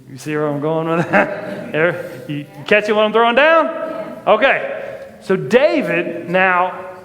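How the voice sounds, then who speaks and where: A man's voice: high voice, fairly bright tone. A man preaching a sermon as the pastor, in a conversational way that keeps asking the congregation questions. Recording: echoey church hall with long reverb.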